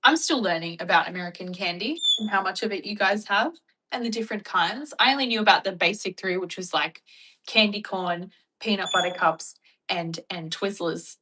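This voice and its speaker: A young Australian woman chatting casually and bluntly with her viewers, joking and acting out animated retellings. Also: medium pitch, moderate pace, breathy edge, low-quality recording. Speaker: vlogger. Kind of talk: casual chat reacting to viewer comments.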